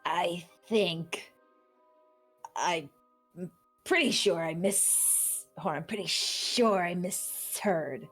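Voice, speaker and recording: A woman voicing an embarrassed man hiding his face in his cloak, who speaks low and haltingly, in a tabletop game. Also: fairly bright tone, husky, soft background music, exaggerated voice.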